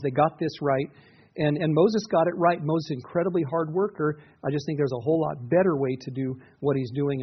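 In a muffled, dull lo-fi recording, a middle-aged pastor gives a sincere, conversational sermon, frequently starting sentences over. His voice is fairly high with a breathy edge.

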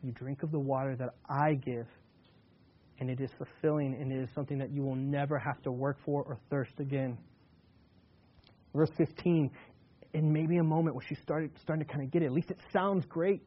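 Preaching in a relaxed, talky style, this male pastor has a medium-pitched voice on lo-fi sound. He eases his pace to read scripture aloud with emphasis.

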